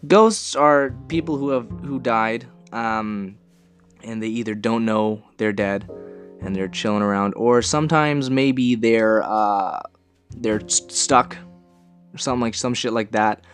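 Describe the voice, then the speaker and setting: A man's voice: lowish voice, unhurried, faint music behind. A young man hosting a casual podcast, rambling and swearing as he tells stories with bursts of laughter. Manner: rambling, profane, laughing storyteller. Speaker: podcast host.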